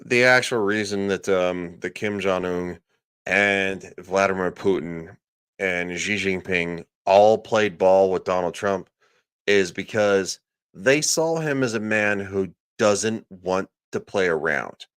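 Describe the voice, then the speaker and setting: A man's voice: low-pitched, slow, a bit bright, clear, resonant tone. A man delivering a ranting reaction commentary, sarcastic, profane and mocking. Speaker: political commentator.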